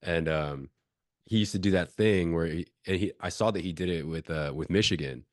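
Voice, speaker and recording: Very deep-voiced laid-back man. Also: normal speed, no echo, studio quality. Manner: laid-back, swears casually. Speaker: podcast guest. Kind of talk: casual podcast chat.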